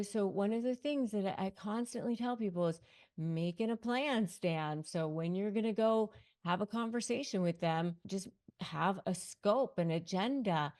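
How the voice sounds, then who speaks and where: A woman's voice: medium pitch, darkish tone. A middle-aged woman, a lawyer and negotiation coach, giving emphatic, repetitive advice straight to camera. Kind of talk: direct-to-camera advice talk.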